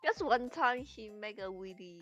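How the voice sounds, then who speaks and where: A woman with a bright, lively voice trading teasing remarks on a live stream. Her English has small non-native slips, and her pitch is fairly high. Faint music plays in the background. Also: moderate pace. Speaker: co-host on stream. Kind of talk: casual live-stream banter.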